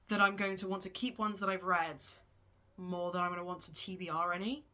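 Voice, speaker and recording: A woman's voice: fairly low pitch, steady tone, fast, sharp tone. A young woman vlogging about her books in a chatty, gushing way, often breaking off and restarting mid-sentence. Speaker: book vlogger. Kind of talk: casual chat about books.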